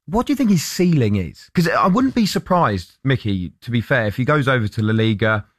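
A man hosting a sports radio show, firing off questions and building his points with quick asides. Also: medium pitch, big pitch swings, no room sound, studio quality.

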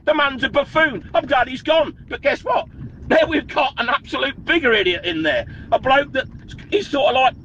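A man's voice: very high voice, moderate pace, fairly bright tone, lo-fi sound, a little hiss or hum. A man ranting scornfully in a voice note sent to a radio phone-in, recorded in a car. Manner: scornful, mocking. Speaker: caller.

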